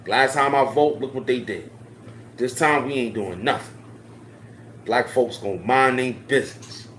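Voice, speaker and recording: A man's voice: mid-range voice, a little slow, a bit bright, a little hiss or hum. A man giving impassioned, slangy social commentary to his viewers, repeating his points for emphasis. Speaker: online commentator. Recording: roomy echo.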